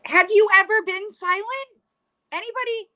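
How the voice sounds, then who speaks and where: A woman's voice: very high-pitched, moderate pace, bright, forceful tone. A woman reacting on a live stream, sarcastic, incredulous and profane.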